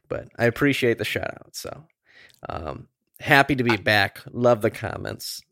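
Male podcast co-host, deep-ish voice, rambling casual delivery, dry room. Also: expressive, a little slow, creaky, a bit bright, no echo. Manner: rambling, filler-heavy, laid-back. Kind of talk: casual chat.

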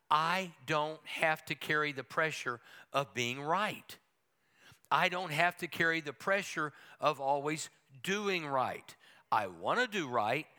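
A man's voice: a little high, pushed and bright. A middle-aged man, a pastor, preaching a folksy and humorous sermon with playful asides to the congregation.

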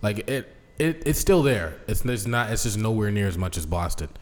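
A man co-hosting a podcast in casual chat, rambling and animated with lots of restarts. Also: on the low side, moderate pace. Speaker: podcast co-host. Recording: long hall reverb.

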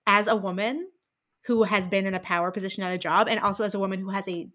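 A young woman co-hosting a podcast, telling stories in a casual, animated way and filling her talk with "like". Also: medium pitch, fast talker. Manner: animated storytelling, lots of "like". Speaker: podcast co-host. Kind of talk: casual chat.

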